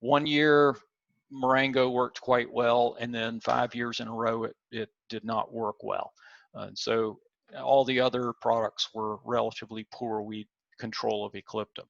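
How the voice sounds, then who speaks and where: Gravelly man giving a lecture. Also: medium pitch, level tone, moderate pace, fairly bright tone, no echo, highs cut off. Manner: explanatory, asks the audience questions, some stumbles on product names. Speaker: extension weed scientist lecturing. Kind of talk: recorded training lecture.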